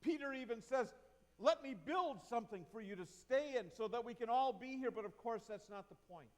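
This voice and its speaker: A man's voice: very high-pitched, expressive, normal speed. A male pastor preaching a sermon in a church, reflective and asking the congregation questions. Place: church sanctuary. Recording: long reverb of a church hall.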